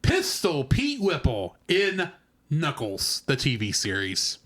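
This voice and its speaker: A young man co-hosting a casual movie review podcast, talking in an animated, rambling way and often repeating words. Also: a little high, slow pace. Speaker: podcast co-host.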